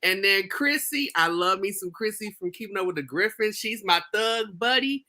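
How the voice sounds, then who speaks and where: Host, sharply bright tone, animated and giggly, casual interview chat. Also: mid-range voice, normal speed. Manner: lively, giggly, affectionate. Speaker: livestream host.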